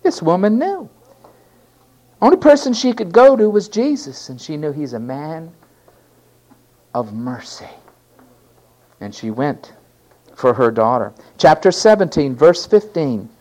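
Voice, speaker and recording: A man preaching a sermon, swinging from emphatic shouting down to a hushed near-whisper and repeating key phrases for effect. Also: on the high side, animated, measured pace, pauses often.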